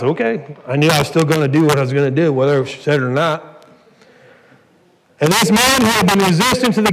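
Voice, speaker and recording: With a fairly high pitch and fairly bright tone, a pastor delivers an earnest sermon in a church sanctuary, building toward emphatic peaks. Faint noise and church hall reverb color the recording.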